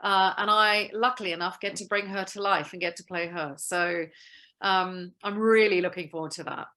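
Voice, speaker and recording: A woman guest on an interview show, talking about her work in a lively, storytelling way. Her voice is bright and forceful and carries well. It has the loose feel of casual conversation. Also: medium pitch, moderate pace. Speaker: guest actress.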